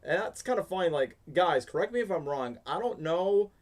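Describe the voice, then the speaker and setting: A man with a high, expressive voice hosts a casual reaction livestream at a moderate pace. He rambles and chats, saying "bro" and "like" constantly.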